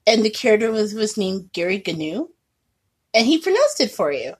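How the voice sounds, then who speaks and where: A woman co-hosting a podcast in casual chat, laughing often and animated. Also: mid-range voice, husky. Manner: laughs often, animated, quick bursts of surprise. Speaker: podcast co-host.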